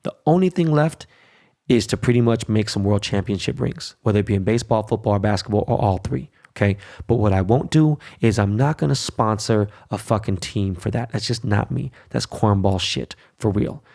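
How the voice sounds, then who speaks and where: This middle-aged podcast host is brash, speaking directly into his own mic in a casual, unscripted monologue at normal speed. His low voice has a gravelly edge yet sounds a little mellow. Blunt and profane, he leans on "right?" and "okay?" for emphasis.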